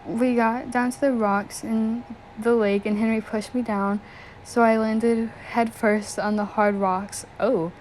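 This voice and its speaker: A woman's voice: a little high, little pitch movement, a little slow, a little mellow, slight background noise, rough recording. Giggly young woman reading fan fiction. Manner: giggly, breaks off to react and joke. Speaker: story reader.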